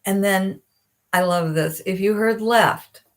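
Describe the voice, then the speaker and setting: A middle-aged woman hosting a psychic advice live stream, talking earnestly and gently and slowing down at heartfelt points. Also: mid-range voice. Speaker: psychic video host. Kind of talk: reflective live-stream talk.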